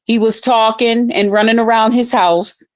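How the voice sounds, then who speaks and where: A woman vlogger giving casual, heavily profane commentary, bursting into loud excited outbursts. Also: a little high, normal speed. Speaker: vlogger reviewing a livestream contest.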